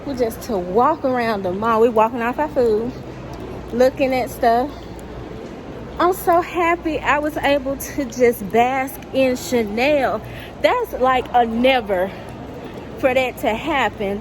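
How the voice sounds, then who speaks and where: A woman chatting excitedly to viewers while strolling through a mall, filmed on a handheld phone. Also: a little high, slow, background noise. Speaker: vlogger. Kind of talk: casual shopping vlog chat. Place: outdoors and inside a shopping mall.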